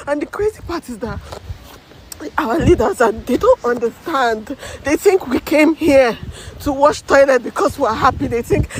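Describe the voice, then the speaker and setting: A woman, tearful and raw, venting her frustration through repeated swearing while standing by a road. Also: sits high. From Nigeria. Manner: raw, repetitive, swearing, breaking down. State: crying. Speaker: emigrant sharing her story. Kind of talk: emotional venting to camera. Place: outdoors by a road. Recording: loud traffic noise behind.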